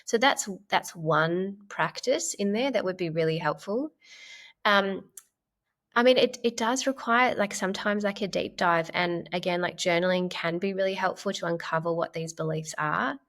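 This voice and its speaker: A woman clinical psychologist, a podcast guest, explaining ideas gently and in a measured way, with frequent "like" fillers. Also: on the low side. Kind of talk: conversational podcast interview.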